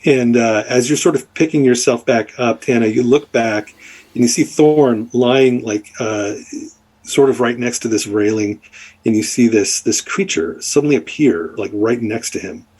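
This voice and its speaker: Husky DM narrator, rambling with fillers. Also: male voice, mid-range voice, normal speed, a little mellow. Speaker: dungeon master. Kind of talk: narrating a tabletop game.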